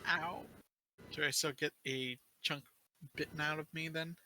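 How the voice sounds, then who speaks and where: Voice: medium pitch, steady tone, measured pace, pushed and bright, a little hiss or hum. A player in a tabletop role-play who speaks hesitantly and gets exasperated, with some swearing.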